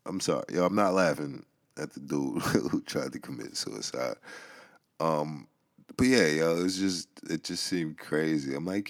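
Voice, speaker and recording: A man's voice: extremely low pitch, measured pace. A young man with a New York accent, hosting a casual podcast monologue in loose, profane storytelling style. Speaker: podcast host. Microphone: headphones and home mic.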